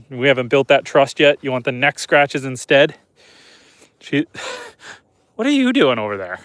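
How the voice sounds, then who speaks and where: A man's voice: mid-range voice, sing-song, unhurried, pauses often, a bit bright, no room sound. A young man casually chatting on a night-time farm livestream outdoors, talking to his animals and reading viewer comments aloud. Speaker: homesteader hosting a livestream.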